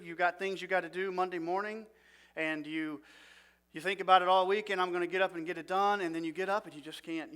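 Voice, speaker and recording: A man teaching a seminary class in a conversational way, often putting questions to his listeners and going soft and low for personal moments. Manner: conversational, asks the audience questions. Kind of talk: seminary lecture.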